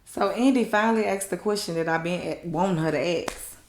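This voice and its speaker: A woman recapping a TV episode in a blunt, animated, slangy way. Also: on the low side, a little fast, a little hiss or hum. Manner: animated, blunt, slangy storytelling with mocking quotes. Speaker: TV recap host. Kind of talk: casual recap talk. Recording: echoey room.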